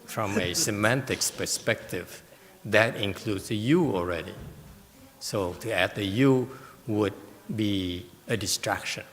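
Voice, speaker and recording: A man giving a Buddhist Dharma lecture, explaining slowly and deliberately and taking questions from listeners. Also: lowish voice, animated, a bit bright, in a large hall, slight background noise. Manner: slow, deliberate, explaining with emphasis. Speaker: Buddhist teacher. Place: meditation hall.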